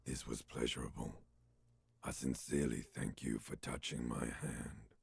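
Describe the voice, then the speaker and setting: A man voicing a sly, flirtatious dead man in a video game, with a gravelly, husky voice and a teasing, mocking manner. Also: extremely low pitch, fairly even intonation, measured pace, no room sound, studio quality, exaggerated voice.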